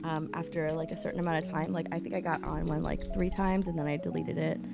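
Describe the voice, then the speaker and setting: A woman's voice: sits low, flat delivery, fast talker, creaky, loud music behind the voice. A woman guesting on a casual livestream, chatting loosely with lots of "like" and restarts. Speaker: guest creator. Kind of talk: casual hobby-stream chat.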